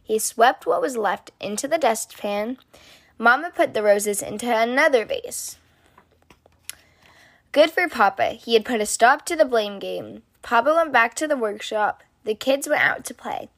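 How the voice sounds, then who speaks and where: A woman reading a children's picture book aloud in an expressive, sing-song storytelling manner. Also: fairly high pitch, measured pace, dry recording. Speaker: storybook reader.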